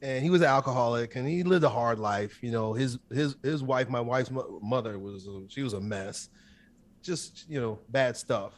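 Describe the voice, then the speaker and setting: A man in his thirties, a guest in an interview, telling a personal story in an intense, emphatic way with quick bursts. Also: medium pitch.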